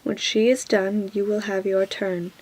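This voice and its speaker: A woman voicing a gruff, irritable king in a whispered role-play. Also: mid-range voice, little pitch movement, measured pace, natural voice, rough recording. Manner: soft whisper.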